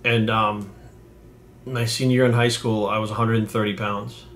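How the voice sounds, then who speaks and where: A man's voice: fairly low pitch, flat delivery, moderate pace, fairly bright tone, slight background noise. A man in his forties from New England, telling a casual story to camera in a rambling, profane way with many fillers. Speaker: fitness coach.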